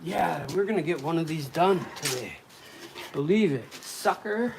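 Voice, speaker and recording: A man casually talking to camera while building cabinets, rambling and swearing, with loud groans and outbursts. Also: fairly high pitch, animated, moderate pace, gravelly, noisy background. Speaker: woodworker vlogger. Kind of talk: casual workshop talk to camera.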